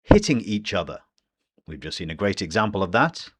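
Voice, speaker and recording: A British man with a notably low voice gives an English pronunciation lesson. He says each example phrase slowly and deliberately, then repeats it to show how it is linked in real speech. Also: sing-song, a bit bright, slightly rough. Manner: slow, deliberate modelling of phrases. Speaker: English teacher.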